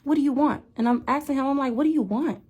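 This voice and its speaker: A young woman telling a story in a casual vlog rant, animated and incredulous, repeating herself. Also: sits high, fast. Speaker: vlogger.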